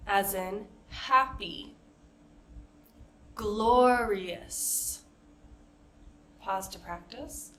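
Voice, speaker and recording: Slow, patient woman teaching vowel sounds. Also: on the high side, pushed and bright. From United States. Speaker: accent coach. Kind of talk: pronunciation lesson.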